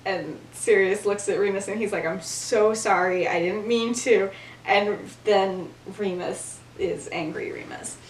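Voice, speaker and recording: A young woman hosting a casual podcast animatedly retells a story, voicing the characters' lines, laughing often, and she has the hiccups. Her medium-pitched voice is a little slow. She sounds far and a bit off-mic in an echoey room, with slight hiss or hum.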